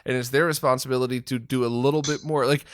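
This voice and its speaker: A man's voice: mid-range voice, fairly even intonation, fast, no room sound, clean studio sound. A man hosting a casual interview as a retro gaming video creator, talking frankly and animatedly and swearing freely. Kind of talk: casual conversation.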